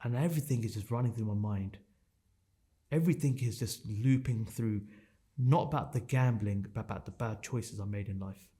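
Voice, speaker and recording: A man's voice: fairly low pitch, normal speed, warm tone. Intense man telling a raw story. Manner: raw, intense, swears often, repeats phrases for emphasis. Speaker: podcast guest. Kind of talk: emotional personal storytelling.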